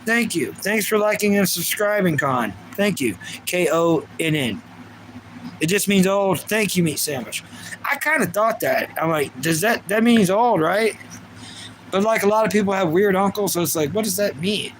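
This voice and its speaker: Guy in his 30s rambling on a livestream, pretty high voice, some faint noise behind. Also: animated, moderate pace, fairly bright tone. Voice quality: rambling and chatty, with frequent restarts. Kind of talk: casual chat reading live comments.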